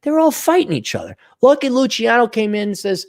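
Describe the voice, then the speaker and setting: A man's voice: extremely high pitch, huge pitch swings, fairly quick. A man hosting a solo podcast, reading out listener donations and ranting in a sarcastic, profane way. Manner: mocking put-on voices in asides. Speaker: podcast host.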